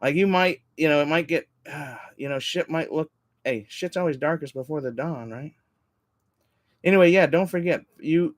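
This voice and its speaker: A man in his forties chatting casually on a livestream while crafting. He rambles, swears often and greets viewers excitably. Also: fairly high pitch, no room sound. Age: 40s. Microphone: desk microphone.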